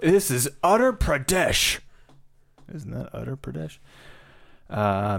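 A man's voice: mid-range voice, creaky, no room sound. A man co-hosting a podcast, joking crudely and reading news stories aloud in casual chat. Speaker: podcast co-host.

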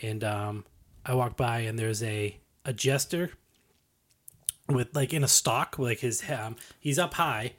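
A man's voice: mid-range voice, slow pace, fairly bright tone. A man telling a rambling story in a casual chat, swearing and laughing as he goes.

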